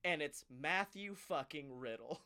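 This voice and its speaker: Animated, profane male wrestling podcaster. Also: fairly high pitch, a little slow, clear, resonant tone. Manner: animated, profane, laughing storyteller. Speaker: podcast co-host. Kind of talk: casual wrestling chat.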